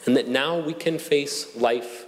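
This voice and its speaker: A man preaching an Easter-morning sermon in a measured, earnest way, with slow emphatic pauses. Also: medium pitch, slight background noise. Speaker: pastor. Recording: long hall reverb.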